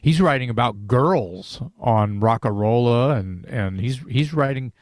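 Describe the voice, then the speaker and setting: A man's voice: medium pitch, measured pace, dry recording, clean studio sound. A man in a casual podcast discussion about an album, talking in rambling sentences with many restarts and fillers.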